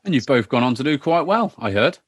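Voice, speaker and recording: Mid-pitched man hosting a podcast. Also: brisk, husky, no room sound. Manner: relaxed, chatty questions with hesitations. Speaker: podcast host. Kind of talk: casual interview chat.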